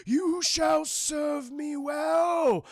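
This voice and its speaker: A man putting on the voice of a grandiose, scheming male villain, with drawn-out theatrical declarations. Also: very high voice, dry recording, shouting, clean studio sound, voice pushed up, exaggerated voice.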